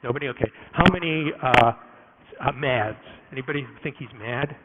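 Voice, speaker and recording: A man giving a live conference talk to an audience, animated and jokey, with quick asides and many restarts. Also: mid-range voice, narrow, tinny audio, a little hiss or hum. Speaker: conference speaker. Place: conference room before an audience.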